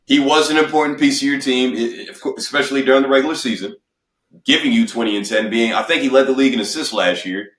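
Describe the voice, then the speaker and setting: A man's voice: medium pitch, quick pace, a bit bright. A man co-hosting a sports podcast, chatting casually in a laid-back way. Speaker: podcast co-host. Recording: echoey room, mic at a distance.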